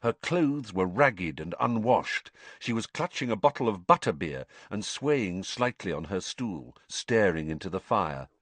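A man reading a children's novel aloud as an audiobook narrator, expressive storytelling. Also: fairly low pitch, measured pace, few pauses, no echo. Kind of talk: scripted narration.

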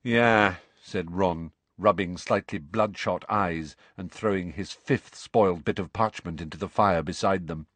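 A man narrating a storybook as an audiobook, in an expressive storytelling way. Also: low-pitched, a little slow, hardly any pauses, dry recording. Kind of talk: scripted narration.

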